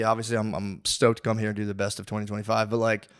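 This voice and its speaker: A man's voice: fairly low pitch, animated, rapid-fire. A man hosting a comedy podcast, telling a long profane story as a rambling, mock-aggressive rant full of restarts and asides. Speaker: podcast host. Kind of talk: comedic ranting monologue.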